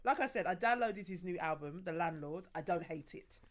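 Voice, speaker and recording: A woman's voice: fairly low pitch, expressive. Chatty, wry young British woman. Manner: chatty, wry, quick to laugh. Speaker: co-host. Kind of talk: casual chat.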